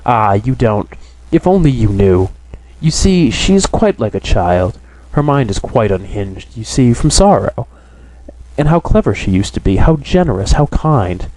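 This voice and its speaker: A man's voice: mid-range voice, expressive, normal speed, mellow, low-quality recording. A man voicing a timid young woman in an audiobook, lifting his voice a little and speaking in a plaintive, pleading way. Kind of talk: audiobook character reading.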